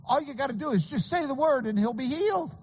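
A man voicing a humble Roman army officer, pleading quickly and self-effacingly. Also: very high voice, expressive, big-room sound, lo-fi sound, voice pushed up.

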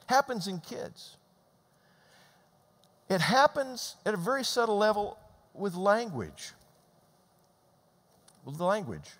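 Lively older preacher in a hall. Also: male voice, high-pitched, slow, long pauses. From Georgia, US. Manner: animated, conversational preaching with repetitions. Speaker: pastor. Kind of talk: sermon. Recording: long hall reverb.

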